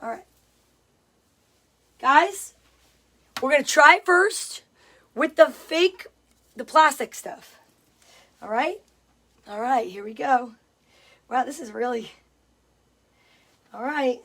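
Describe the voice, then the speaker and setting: A woman's voice: high voice, slow, pauses often, a bit bright. A woman chatting casually on a livestream, greeting viewers by name and reading out their comments. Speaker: livestream host.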